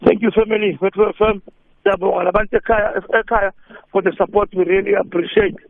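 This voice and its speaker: South African male coach, gravelly high voice, tinny phone line, dry. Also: steady tone, fast talker, no echo. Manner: laughing, mixes English with isiZulu. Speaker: football coach. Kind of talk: phone interview.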